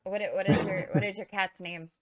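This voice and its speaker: A woman co-hosting a podcast, chatting casually and rambling, often losing her train of thought and filling pauses with "um.". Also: mid-range voice, a crowd in the background. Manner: filler-heavy, self-correcting. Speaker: podcast co-host. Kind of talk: casual live-stream chat.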